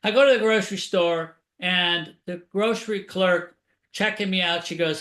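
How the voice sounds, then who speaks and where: A man with a high, bright voice, talking as an upbeat motivational guest on a radio interview. His stories come across with energy. The room around him rings with echo. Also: normal speed. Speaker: author and keynote speaker.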